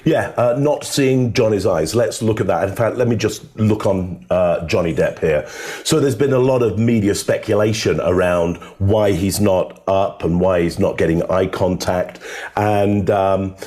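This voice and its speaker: A man, a body language analyst, giving measured casual commentary on video clips with some filler words. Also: low voice, mellow.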